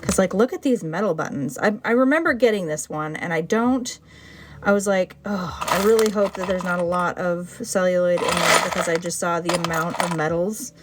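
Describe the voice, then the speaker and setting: Woman, casual livestream chatter, excitable, talks to objects, clicking buttons in the background. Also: lowish voice, normal speed, noisy background. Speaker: button seller sorting her finds on a livestream. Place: indoor room.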